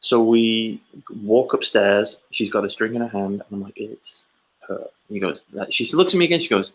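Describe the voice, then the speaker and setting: Gravelly low-voiced man telling a story. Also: brisk, low-quality recording. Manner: rambling anecdote with acted-out quotes. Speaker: podcast co-host. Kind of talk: casual storytelling chat.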